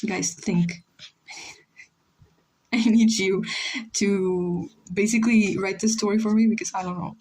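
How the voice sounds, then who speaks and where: A woman's voice: mid-range voice, fairly even intonation, a little slow, long pauses, darkish tone, husky, low-quality recording. A young woman streamer chatting casually while she draws, rambling and teasing and slipping into Spanish now and then. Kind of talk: casual livestream chat while drawing.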